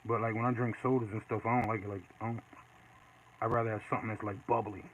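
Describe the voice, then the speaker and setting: A man casually chatting while he draws live, reading and answering viewer comments in a relaxed way. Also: fairly low pitch, fast talker. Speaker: artist streaming live. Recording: dull lo-fi with faint noise.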